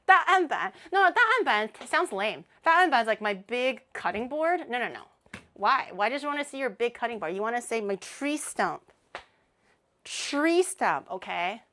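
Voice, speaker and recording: A woman's voice: a little high, very animated, moderate pace, pushed and bright. A woman streamer in casual livestream chat, playful and giggly, laughing often and rambling with plenty of fillers. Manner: chatty, rambling with many fillers.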